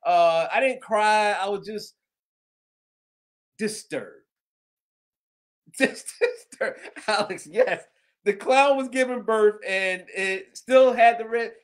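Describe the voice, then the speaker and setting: A middle-aged man with a Southern American accent hosts a casual talk show. His voice sits notably high. He rambles through animated stories, laughs often and acts out the other people's voices. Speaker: host of paranormal news show. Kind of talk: casual storytelling chat.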